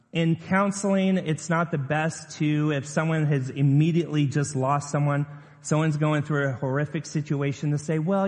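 A man's voice: a little high, a little mellow. A man preaching a sermon as pastor, chatty and conversational, putting questions to his congregation. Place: church sanctuary. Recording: long reverb of a church hall.

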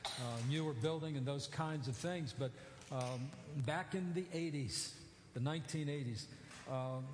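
A male pastor with a voice on the high side preaches in a church sanctuary, speaking conversationally with frequent fillers and self-corrections. The recording carries an echoey hall sound plus a little hiss or hum.

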